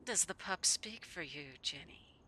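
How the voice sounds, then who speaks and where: A woman's voice: low voice, expressive, measured pace, pushed and bright, a little hiss or hum, exaggerated voice. A woman voicing a flirty, taunting female vampire in a game, with a teasing drawl that turns Southern at times. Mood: sly.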